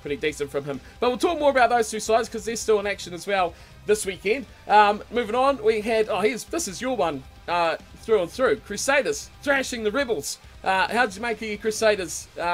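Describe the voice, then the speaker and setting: A man hosting a casual rugby chat, relaxed and rambling with lots of ums and uhs. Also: sits high, brisk, faint music behind. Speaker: podcast host.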